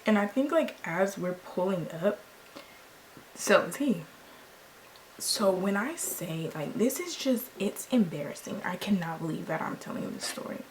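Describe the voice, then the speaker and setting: Young woman, beauty vlogger, casual storytime, slangy and lively, faint noise floor. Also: mid-range voice, unhurried, rough recording. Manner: animated, slangy, acts out quoted lines. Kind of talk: casual storytime while doing makeup.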